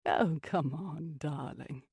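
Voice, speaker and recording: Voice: mid-range voice, takes it slowly, creaky, a little mellow, husky, no room sound, exaggerated voice. An audiobook reader voicing a mischievous older woman who owns a mansion, cooing and amused and calling everyone darling. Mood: teasing. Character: mischievous older mansion lady, playful and teasing.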